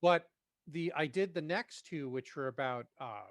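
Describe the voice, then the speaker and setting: A man's voice: on the high side, measured pace, no room sound, studio quality. A man co-hosting a podcast in casual chat, talking in a hesitant, self-deprecating way. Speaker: podcast co-host.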